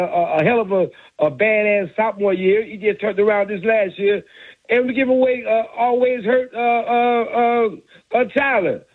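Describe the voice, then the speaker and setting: A man calls in to a sports radio show and argues with the host. His voice is high and husky. It comes through a thin, tinny phone line. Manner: argumentative, challenging. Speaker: caller.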